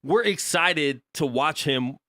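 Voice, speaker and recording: A man's voice: a little high, animated, slow pace, sharp tone, dry recording, studio quality. A man hosting a casual sports talk show, teasing his co-hosts and often repeating words as he talks.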